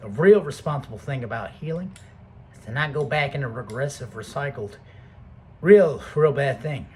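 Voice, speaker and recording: A man rambling through a casual, heavily profane motivational monologue that swings between loud bursts and low mutters. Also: lively intonation, moderate pace, slightly rough, poor audio. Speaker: vlogger.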